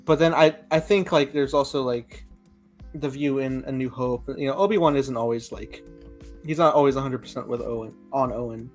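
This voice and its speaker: A young man hosting a casual fan review podcast, excitedly recounting scenes and acting out lines. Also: mid-range voice, moderate pace, faint music behind. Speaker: podcast host.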